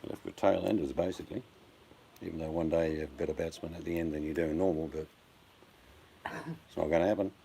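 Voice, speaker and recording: A man's voice: very deep voice, fairly even intonation, quick pace, gravelly, pauses often, warm tone. An older Australian man chatting casually on a live stream, blunt and joking, addressing his viewers by name. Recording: faint background noise.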